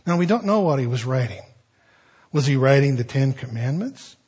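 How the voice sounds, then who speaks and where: A man's voice: mid-range voice, animated, moderate pace, darkish tone, breathy edge. A man preaching a sermon, retelling stories in a folksy, conversational way with joking asides.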